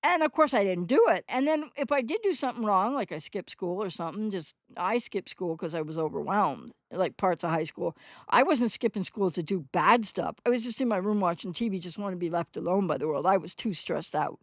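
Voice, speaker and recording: A woman's voice: mid-range voice, brisk, dry recording, studio quality. A woman in her sixties hosting a recovery channel, giving a rambling, candid, unscripted monologue in reply to a commenter, often correcting herself as she goes.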